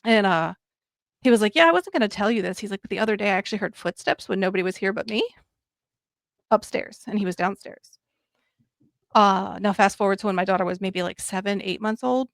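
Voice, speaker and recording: Woman in her 30s rambling thru a story as a podcast guest, lots of ums, gravelly voice, dry sound. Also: mid-range voice, brisk, no echo. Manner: rambling, many ums and quoted dialogue. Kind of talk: casual storytelling.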